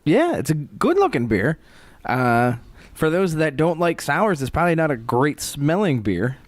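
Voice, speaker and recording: A man's voice: fairly high pitch, big pitch swings, a little slow, no room sound. Easygoing male podcast host, dry mic. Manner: easygoing, agreeable, steers the conversation. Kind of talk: casual beer-tasting chat.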